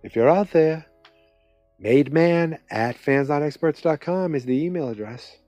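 A man's voice: a little high, normal speed, mellow, dry recording, muffled recording, soft background music. A man hosting a podcast, recapping a television episode in a rambling, conversational way, with many restarts. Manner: rambling, self-interrupting, conversational. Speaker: podcast host.

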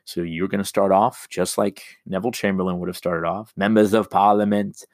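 A man's voice: sits low, steady tone, fairly quick, dry recording, clean studio sound. A man teaching a recorded remote lesson, explaining an assignment step by step with many ums and restarts.

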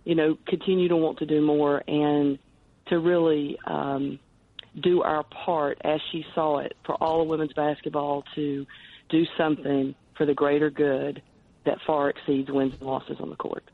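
Over a tinny phone line, a charity director is interviewed for a podcast, speaking earnestly but rambling and frequently restarting. Her voice is low-pitched and level, at a normal speed.

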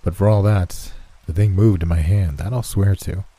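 A stubborn old husband, gruff and insistent, from a horror storybook, as a man reads him. His voice is very deep and husky, with a dark tone. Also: fairly even intonation, normal speed, dry recording.

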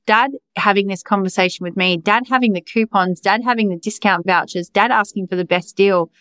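A woman's voice: medium pitch, a little fast, fairly bright tone, clean tone, no echo. A young adult woman hosting a podcast, talking in a raw, emphatic, confessional way and swearing freely. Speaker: podcast host. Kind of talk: candid personal monologue.

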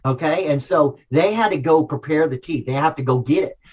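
A man as an interview guest, telling a personal story in a casual, animated way, full of slang and restarts. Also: fairly high pitch, brisk, slightly rough, highs cut off.

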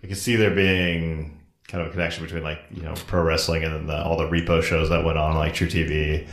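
Deep-voiced laid-back man co-hosting a chat, echoey room. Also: level tone, quick pace. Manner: laid-back, short reactions and laughs. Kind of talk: casual chat.

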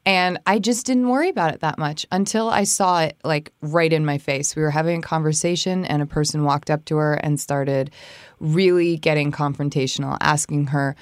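Animated woman telling a story, dry sound. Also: normal speed, no echo. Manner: animated, acts out quoted speech in a higher voice. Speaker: podcast co-host giving etiquette advice. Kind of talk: casual storytelling chat.

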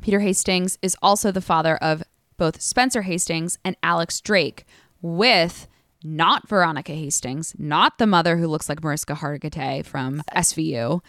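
A woman's voice: sits low, moderate pace, a bit bright, no echo, studio quality. A woman co-hosting a podcast, explaining plot details methodically with a wry edge in casual chat. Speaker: podcast co-host. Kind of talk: casual chat recapping a TV show.

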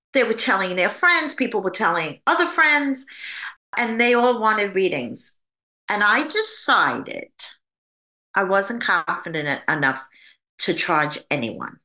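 Bright, lively-voiced woman telling a story. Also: medium pitch, slow pace. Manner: animated, acts out quoted voices. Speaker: psychic medium. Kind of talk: storytelling in an interview.

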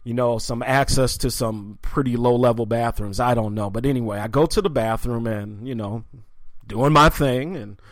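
Brief: man, sports podcast host, middle pitch, dry close sound, loose rambling delivery full of ums. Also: normal speed, no echo. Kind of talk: casual spoken tribute and storytelling.

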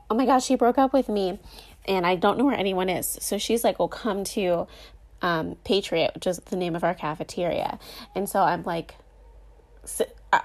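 A young adult woman casually telling a dramatic personal story, animated and full of fillers. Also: on the low side.

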